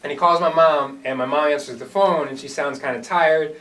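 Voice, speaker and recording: A man's voice: on the high side, steady tone, a little fast, a bit bright. A man performing an earnest first-person dramatic monologue after a hesitant introduction. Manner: earnest storytelling, hesitant fillers when introducing. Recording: distant microphone.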